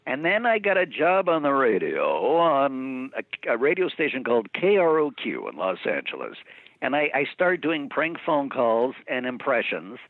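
A man, a voice actor, telling stories about his career in a chatty, animated way during a phone interview. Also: mid-range voice, moderate pace, no room sound. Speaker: voice actor guest. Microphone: telephone. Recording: dry tinny phone line.

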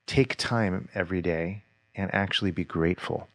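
Male podcast co-host, deep voice, reflective and searching, dry sound. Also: moderate pace, fairly bright tone, dry recording. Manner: reflective, thinks aloud with restarts. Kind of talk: casual conversation.

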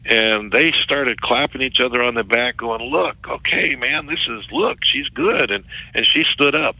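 Bright-voiced middle-aged man telling a story. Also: mid-range voice, vocal fry, no echo, lo-fi sound. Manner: halting, repeats words while telling a story. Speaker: interview guest, ministry worker. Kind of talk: recounting a story in an interview.

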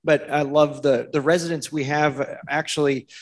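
A man speaks earnestly on a panel about his senior living campus. His delivery is flat and even, with hesitant fillers. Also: on the high side, normal speed. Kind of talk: panel interview.

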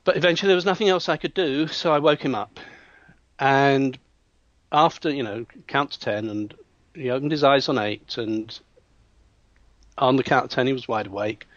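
A man's voice: medium pitch, moderate pace, long pauses, no echo. Male hypnotherapist telling an anecdote. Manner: lively storyteller who acts out quoted voices, frequent restarts. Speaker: hypnotherapist telling a client story. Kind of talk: anecdotal storytelling in an interview. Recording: dull, dry sound.

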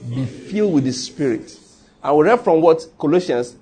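A man's voice: on the high side, animated, normal speed, mellow, breathy edge. A man preaching a sermon in a church, humorous and conversational, leading the congregation in call-and-response. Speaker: pastor.

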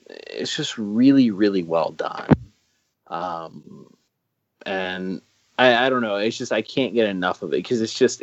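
A man's voice: fairly low pitch, no room sound. A man chatting casually on a podcast about films, rambling and enthusiastic, often restarting his sentences. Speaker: podcast co-host. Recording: dull lo-fi sound.

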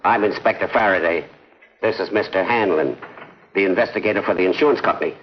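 An actor voicing a steady police inspector, calm and even-handed, with a slightly low voice. The recording is dull and lo-fi with a faint hiss, like an old radio broadcast. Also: male voice, quick pace, close to an everyday voice. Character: steady middle-aged male police inspector. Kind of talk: 1950s radio drama acting.

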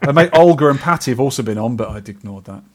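A man's voice: medium pitch, animated, quick pace. A middle-aged man co-hosting an arcade podcast, chatting casually and rambling in a self-deprecating way. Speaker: podcast co-host. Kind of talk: casual chat.

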